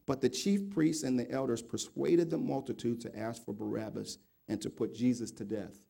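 A pastor preaches a sermon, reading scripture aloud and commenting on it, swinging between loud, emphatic remarks and low, quiet reading. His voice is creaky and husky, at a moderate pace.

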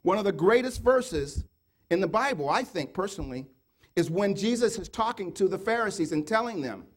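A man preaching a sermon, firing repeated rhetorical questions at the congregation and swinging from loud urging to low murmured asides. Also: lively intonation, moderate pace.

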